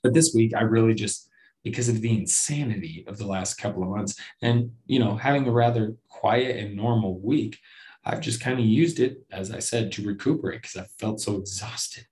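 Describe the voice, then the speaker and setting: A man with a somewhat low voice talks on his own podcast in a loose, meandering way. He swears casually, pokes fun at himself, and often stumbles and restarts mid-sentence. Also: moderate pace, darkish tone. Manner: rambling, profane and self-deprecating, with frequent restarts. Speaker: podcast host. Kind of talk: casual solo podcast chat.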